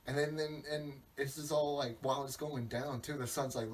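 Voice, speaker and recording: A man's voice: medium pitch, fairly even intonation, moderate pace. A male podcast host in a rambling comic monologue, profane and meandering, breaking off his own sentences. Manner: profane, meandering, self-interrupting. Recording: distant mic, faint background hiss.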